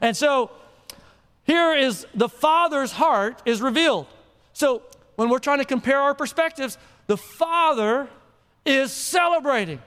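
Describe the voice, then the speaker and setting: High-voiced preacher in a hall. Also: male voice, lively intonation, measured pace, a bit bright. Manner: conversational, playful, asks the crowd questions. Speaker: pastor. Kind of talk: sermon. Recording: reverberant hall.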